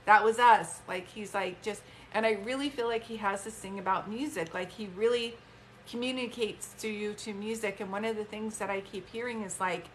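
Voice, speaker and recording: A woman's voice: mid-range voice, steady tone, moderate pace, hardly any pauses, a little hiss or hum. A woman, a psychic medium chatting heartfelt and casual on a phone live stream. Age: 50s. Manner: chatty, heartfelt, many fillers.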